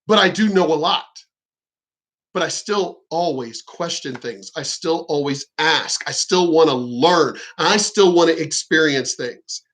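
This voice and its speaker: A man's voice: fairly high pitch, a little slow, a bit bright, low-quality recording. A man giving blunt, profane commentary and telling a story in casual talk. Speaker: commentator reacting to clips.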